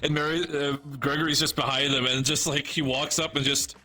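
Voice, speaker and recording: A man's voice: fairly high pitch, flat delivery, fairly quick, pushed and bright, soft background music. A man in casual, crude chat with fellow roleplay players, laughing often. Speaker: roleplay streamer.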